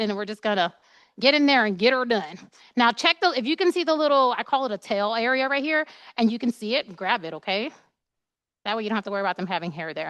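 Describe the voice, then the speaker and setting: A woman's voice: fairly high pitch, a bit bright, no echo. Chatty woman giving a waxing demo. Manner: chatty, playful, acts out quoted dialogue. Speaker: esthetician. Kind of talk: live waxing demonstration.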